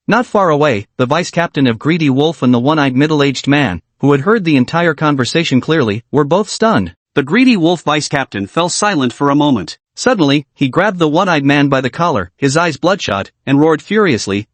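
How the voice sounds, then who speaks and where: A man narrating a story recap in steady, dramatic scripted narration. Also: fairly high pitch, moderate pace, hardly any pauses, dry recording.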